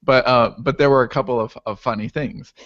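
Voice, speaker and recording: A man co-hosting a casual podcast, relaxed and easily amused, who often breaks into laughter. His voice sits at a middle pitch. The recording sounds muffled and lo-fi. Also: brisk, no room sound. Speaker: podcast host.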